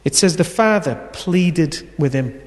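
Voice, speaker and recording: A man preaching a sermon, telling a story and swinging between loud emphasis and quiet, intimate moments. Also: fairly high pitch, lively intonation, unhurried. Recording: long hall reverb.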